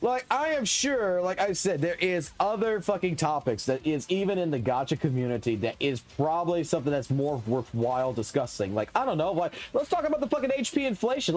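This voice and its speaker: A man streaming a game live, ranting with heavy swearing in an animated, excitable way. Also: high voice, a little fast, hardly any pauses. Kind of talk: profane live stream rant while gaming.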